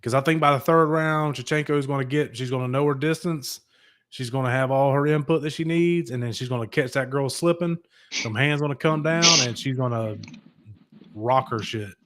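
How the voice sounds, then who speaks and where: A man's voice: medium pitch, moderate pace. A man with a mid-range voice joins a casual podcast chat. He is brash and jokey, making his predictions with a lot of profanity. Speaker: podcast guest.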